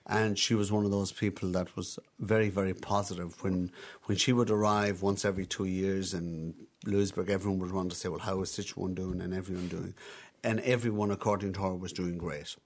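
A man's voice: low-pitched, fairly even intonation, brisk, hardly any pauses. A middle-aged Irish man in an interview, reminiscing at length in a chatty, anecdotal way with frequent restarts. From Ireland. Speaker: interview guest, emigrant bar owner. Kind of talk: reminiscing conversational storytelling.

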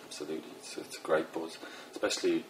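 Middle-aged Dublin poet, very low voice, casual and self-deprecating, noisy background. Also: male voice, level tone, fast talker. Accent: Dublin Irish. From Ireland. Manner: rambling, self-deprecating, many fillers. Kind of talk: casual interview talk.

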